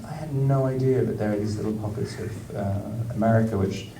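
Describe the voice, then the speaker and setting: A British man talking through a live stage Q&A in a low, mellow voice. He hesitates, restarts his sentences and laughs often. The sound is roomy and distant, with faint background noise. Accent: British English. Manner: halting, rambling, lots of fillers and restarts, laughs often. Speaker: actor, festival guest. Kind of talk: on-stage Q&A conversation. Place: festival stage in a large room. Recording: roomy hall sound, miked from far off.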